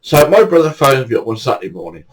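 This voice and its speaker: A man's voice: mid-range voice, sing-song, fast, low-quality recording. An older man casually telling a funny true anecdote, chatty and swearing now and then, acting out the dialogue. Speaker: storyteller.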